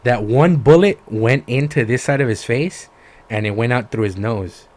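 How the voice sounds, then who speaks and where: A man co-hosting a podcast, retelling a story in casual chat, animated and swearing freely. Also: mid-range voice, moderate pace. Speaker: podcast co-host.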